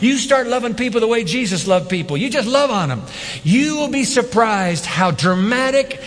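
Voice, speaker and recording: A man preaching a sermon as pastor, animated, with rhetorical questions and emphatic repetition. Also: very high-pitched, in a large hall.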